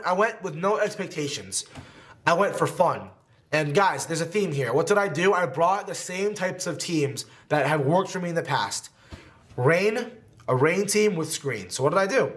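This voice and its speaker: A man's voice: a little high, a bit bright. A young man from New Jersey telling a candid, emotional personal story to camera in his home podcast studio, with many fillers. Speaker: competitive gaming creator.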